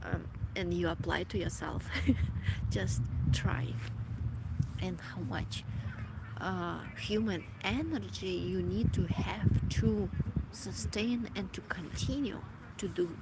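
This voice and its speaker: Woman vlogger, low and slow, emotional, halting delivery, loud noise underneath. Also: gravelly. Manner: halting, searching for words, many restarts. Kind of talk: reflective personal monologue.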